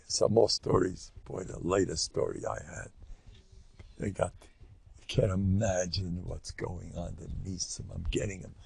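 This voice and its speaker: An older American rabbi gives a lively lecture, telling stories with a boastful, joking swagger and dropping Yiddish and Hebrew words. His voice is gravelly and swings widely in pitch, recorded close and dry. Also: dry recording. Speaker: rabbi and spiritual mentor. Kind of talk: humorous Torah lecture with stories.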